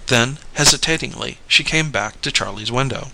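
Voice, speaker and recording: A man reading a story aloud in measured narration. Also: mid-range voice, gravelly, bright, forceful tone, rough recording. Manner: measured storytelling, voices the characters. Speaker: audiobook reader. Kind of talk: scripted narration.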